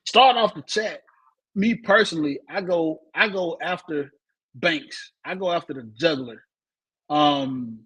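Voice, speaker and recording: Husky, high-voiced host. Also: male voice, unhurried, rough recording. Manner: energetic, tags "man" onto most phrases. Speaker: podcast host. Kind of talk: casual sports talk.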